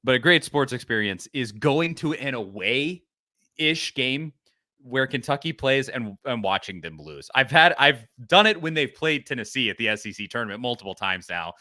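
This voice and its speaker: A man hosting a casual sports podcast, chatting with laughs and rattling through ad reads quickly. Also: medium pitch, no room sound, clean studio sound. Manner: lively, laughing, reads ad copy fast. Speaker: podcast host.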